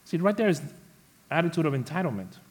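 A man preaching a sermon to his congregation, animated, acting out the quoted characters and rising to loud emphasis. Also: fairly high pitch, quick pace. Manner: speaks to the congregation as church family. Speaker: pastor.

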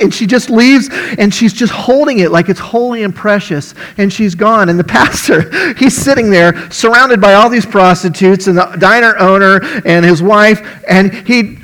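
A man preaching a sermon and telling a story, delivering it animatedly and swinging from hushed to loud. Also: sits high.

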